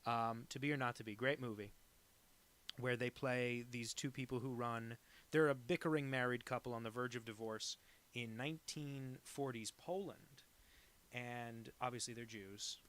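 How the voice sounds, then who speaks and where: At a normal speed, a man with a medium-pitched, slightly bright voice draws requests from viewers during a live stream. This cartoonist's casual chat drifts from aside to aside, heavy on fillers and self-deprecation.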